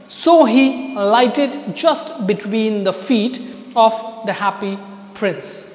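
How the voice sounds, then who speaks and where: A male teacher with an Indian English accent reads a story aloud to his online class and then goes back over it in plainer words. His voice sits high and he takes it slowly. The sound rings out in a room with a long, echoey reverb.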